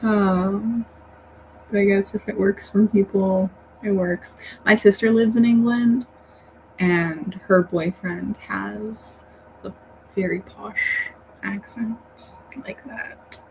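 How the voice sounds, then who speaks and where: Woman streamer, casual and rambling, easygoing slow pace, faint fan hum behind. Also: medium pitch, steady tone, poor audio. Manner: chatty, rambling, laughs often. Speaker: livestream host reading chat. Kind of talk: casual livestream chat.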